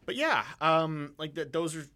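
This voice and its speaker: A man's voice: on the high side, expressive, a little slow, bright, forceful tone. A young man co-hosting a radio talk show, thinking aloud in a rambling way with many fillers and restarts. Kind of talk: casual discussion.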